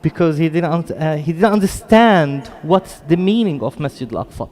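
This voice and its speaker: In the big, echoing hall of an Islamic center, a Jerusalem-born guest lecturer with a British-tinged English accent talks earnestly and chattily to a mosque audience, interjecting apologetic asides. His voice is fairly high and darkish, with lively intonation and a moderate pace.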